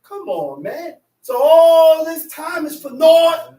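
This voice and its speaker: A man teaching a Bible class as a preacher, animated and often shouting, with laughs between points. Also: very high-pitched, slow pace. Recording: roomy sound from a distant mic.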